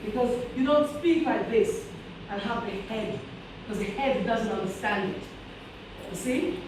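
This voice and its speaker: Sassy high-voiced woman in echoey hall. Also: a little slow, background noise. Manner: sassy, preacher-like, calls to the audience. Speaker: keynote speaker. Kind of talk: motivational keynote to teachers. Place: school hall with an audience. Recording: very echoey hall recorded from a distance.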